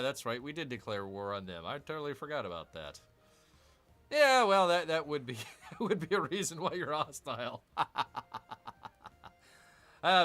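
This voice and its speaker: A man's voice: medium pitch, sharp tone. A man casually commenting on his own gameplay, chatting to viewers with muttered asides and playful mock growls. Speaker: streamer.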